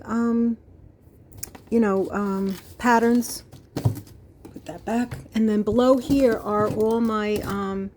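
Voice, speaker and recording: A woman's voice: fairly high pitch, darkish tone, a little hiss or hum. A retired woman giving a chatty, meandering craft room tour, out of breath, filmed on a handheld phone. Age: older. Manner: chatty, meandering, with many ums. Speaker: craft vlogger. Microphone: phone held in hand.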